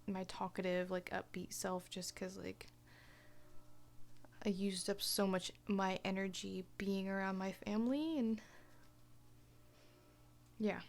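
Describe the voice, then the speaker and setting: A young woman talking casually in a personal vlog, soft-spoken and often half-whispering, hesitant with lots of fillers. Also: medium pitch. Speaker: vlogger.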